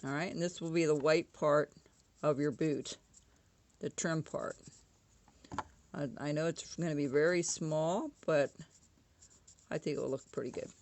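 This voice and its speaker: Gravelly woman teaching woodcarving. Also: sits low, fairly even intonation, measured pace, pauses often, darkish tone, slight background noise. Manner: chatty, corrects herself often. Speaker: woodcarving instructor. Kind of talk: casual carving tutorial.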